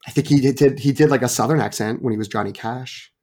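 A man's voice: mid-range voice, fast, darkish tone. Rambling male podcast co-host. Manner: rambling, many restarts and fillers. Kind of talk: casual film chat.

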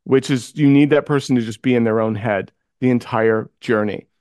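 A man's casual podcast chat turns into an animated story, with him acting out the voices of those involved. His voice is mid-range at a moderate pace, captured in clean studio sound without echo.

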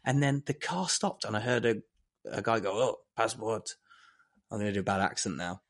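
A man's voice: lowish voice, animated, fast talker. A man telling a story in casual chat, animatedly acting out the lines of the people in it.

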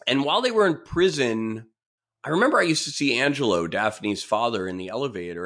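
Male podcast host from New York, storytelling monologue, animated, slips into voices for quotes. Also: mid-range voice, brisk. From New York City. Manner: chatty, animated, voices others in quoted asides. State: sick with Covid.

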